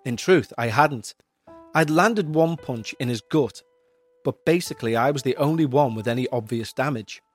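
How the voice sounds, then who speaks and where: A man hosting a podcast, reading out a listener's eerie story in a measured, somber way. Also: medium pitch, husky, soft background music. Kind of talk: narrated paranormal story.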